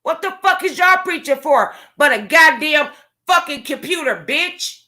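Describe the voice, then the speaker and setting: A woman's voice: high voice, lively intonation, a little slow, pushed and bright. A woman vlogger, delivering a profane, confrontational rant to her viewers. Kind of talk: angry rant to camera.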